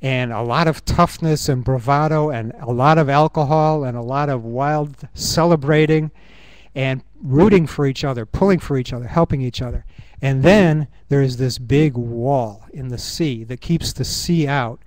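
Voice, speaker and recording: A man's voice: mid-range voice, dry recording. Man, conference speaker, earnest and musing, mid-range voice, dry close sound. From United States. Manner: earnest, musing, thinks aloud with pauses and fillers. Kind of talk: reflective conference talk. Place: university conference room.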